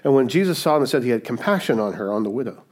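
A man's voice: medium pitch, lively intonation, very fast, slightly rough. Man preaching with conversational "right?" asides. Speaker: pastor. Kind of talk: sermon.

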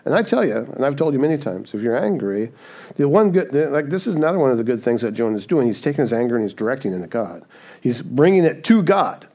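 A man's voice: mid-range voice, sing-song, quick pace, warm tone. A man preaching a sermon in a conversational way, often asking "right?" and acting out the voices he quotes. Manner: acts out quoted voices in asides. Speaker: pastor.

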